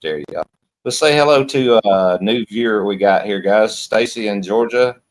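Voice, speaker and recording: Folksy low-voiced man hosting a live stream. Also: normal speed, poor audio. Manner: folksy, repetitive and emphatic. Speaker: livestream host. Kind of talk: casual panel chat.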